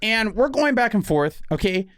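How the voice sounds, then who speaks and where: A man's voice: sits high, moderate pace, dry recording, clean studio sound. A man in his forties, a podcast co-host, telling a story in casual chat and acting out the exchanges with "dude" and "right?". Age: 40s. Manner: animated, acts out quoted exchanges, frequent "dude" and "right?". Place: podcast studio.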